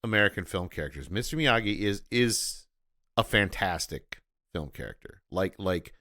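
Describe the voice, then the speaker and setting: Co-hosting a casual film-review podcast, a man rants animatedly and swears freely. His voice is low, expressive and sharp, moving at a moderate pace.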